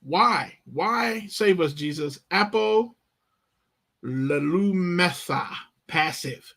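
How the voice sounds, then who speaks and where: In a high-pitched, fairly bright voice, a man reads Bible verses and breaks down the Greek verb tenses. He speaks slowly and emphatically, dramatizing the disciples' panic.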